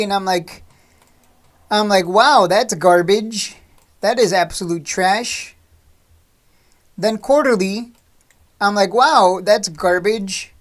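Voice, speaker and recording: A woman delivers a blunt, sarcastic trading rant straight to her viewers, scolding them as she goes. Her voice sits at an ordinary middle pitch. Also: darkish tone. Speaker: trading channel host.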